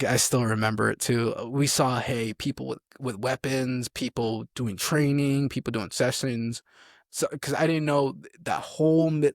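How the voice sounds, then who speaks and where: A man's voice: medium pitch, no echo, studio quality. A young man, a soldier, telling army stories in a rambling, casual way as an interview guest. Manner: rambling, gets sidetracked, acts out drill sergeants.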